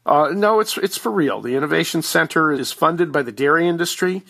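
A man with a slightly raised pitch, calling in by phone as a regular commentator. He explains things in a folksy, joking way, with asides to the host. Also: animated, brisk, creaky, sharp tone. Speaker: regular guest commentator, publisher. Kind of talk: conversational explainer. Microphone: phone line.

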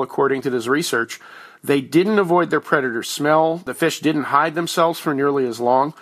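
A man with a slightly raised pitch, calling in by phone as a regular commentator. He explains things in a folksy, joking way, with asides to the host. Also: fairly bright tone. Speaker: regular guest commentator, publisher. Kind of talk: conversational explainer. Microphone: phone line.

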